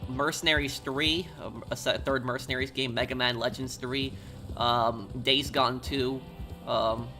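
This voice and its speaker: An American man streaming casually, rambling with many halting pauses and reading chat comments aloud. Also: medium pitch, fairly even intonation, pushed and bright, faint music behind. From United States. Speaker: game streamer.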